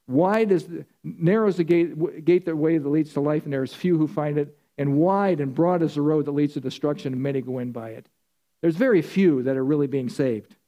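Male preacher, emphatic and repetitive, mellow tone, slightly raised pitch. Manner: addresses listeners as folks. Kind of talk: sermon.

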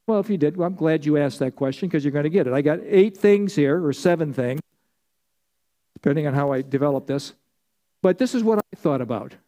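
A man preaching an emphatic sermon, with a high voice for a man. His tone is mellow and dark rather than bright. He builds his points through repeated phrases and calls on the congregation to answer back. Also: animated, brisk. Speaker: pastor.

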